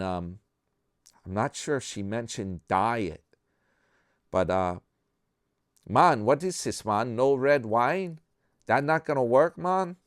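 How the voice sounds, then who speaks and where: A man talking casually to his viewers in a low, unhurried voice. He rambles, pokes fun at himself and drops "man" often. The sound is smooth and dry, close to the mic. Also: dry recording. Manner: rambling, self-mocking, slangy with lots of "man". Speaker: channel host. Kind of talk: casual chat, rambling joke-telling.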